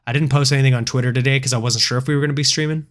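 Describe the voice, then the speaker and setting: A man's voice: medium pitch, fairly even intonation, rapid-fire. A man co-hosting a casual livestream chat, sounding nasal from a cold and rambling along with fillers. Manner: laid-back, rambling with fillers. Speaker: podcast co-host.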